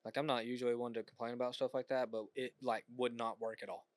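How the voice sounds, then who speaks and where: A man's voice: mid-range voice, flat delivery, fast, dry recording. A young man co-hosting a podcast in casual chat, teasing and emphatic. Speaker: podcast co-host.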